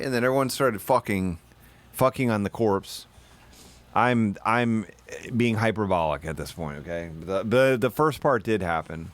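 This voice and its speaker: A man streaming live, telling rambling, profane stories in casual chat and now and then bursting into shouted put-on voices. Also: lowish voice, moderate pace.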